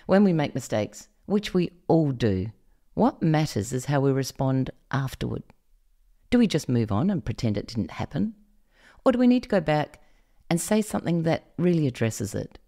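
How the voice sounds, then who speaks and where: A middle-aged woman from Australia, host of a parenting podcast, speaks with an extremely low pitch and a dark tone. She delivers her scripted monologue expressively and addresses direct questions to the listener.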